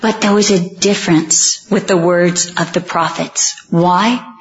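A middle-aged woman preaching a sermon, telling family stories and acting out the dialogue with lively delivery. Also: on the low side, a little slow. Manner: animated storytelling, acts out family dialogue. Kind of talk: sermon with comic anecdotes. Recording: dull, echoey room sound.

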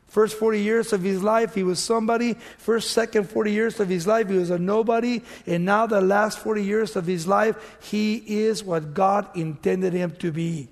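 A man preaching a sermon, telling the story dramatically and swinging from loud outbursts to hushed lines. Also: sits high, steady tone, moderate pace, hardly any pauses, long reverb tail.

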